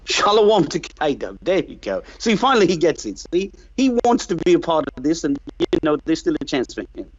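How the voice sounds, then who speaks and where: A man's voice: a little high, very animated, fairly quick, lo-fi sound. A man putting on a pompous, condescending religious guest with a British accent, talking down to the audience on a call. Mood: smug. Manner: haughty, dismissive, self-important.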